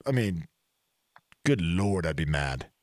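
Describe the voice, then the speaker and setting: A man co-hosting a podcast, chatting about football in a casual, animated way. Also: deep voice, slow, no echo, studio quality. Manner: animated, does jokey voices in stories. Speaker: podcast co-host. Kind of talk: casual sports chat.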